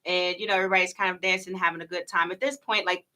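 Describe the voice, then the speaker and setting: A woman in her thirties co-hosting a podcast, telling a story in casual chat, animated and laughing often. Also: fairly low pitch, rapid-fire. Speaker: podcast co-host.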